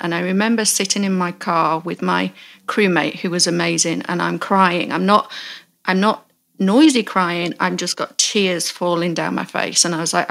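A woman in her forties with a low voice and a gravelly, creaky texture, hosting a podcast. She tells a story candidly, pausing and restarting her sentences as she goes. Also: fairly even intonation, a bit bright. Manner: candid, halting, self-correcting. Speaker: podcast host. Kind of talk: storytelling in casual chat.

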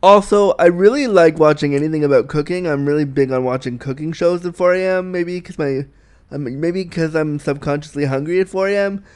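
A man's voice: a little high, fairly quick, darkish tone, clean tone. A man hosting a casual solo podcast, talking candidly and bawdily in a rambling way with restarts and giggles. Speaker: podcast host.

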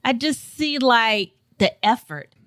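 Bright animated woman storyteller. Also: fairly high pitch, slow pace, dry recording. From St. Louis, Missouri. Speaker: podcast guest. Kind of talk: casual storytelling.

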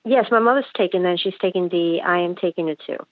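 A woman's voice: lowish voice, fast talker, dry recording. A woman calling in while sick with a hacking cough, talking hesitantly with many fillers. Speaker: caller. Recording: tinny phone line.

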